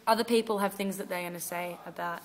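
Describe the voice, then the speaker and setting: A woman's voice: mid-range voice, fast talker, slight background noise. A young Australian woman telling stories in a casual chat among friends. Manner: chatty storyteller, animated quoting. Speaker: vlogger.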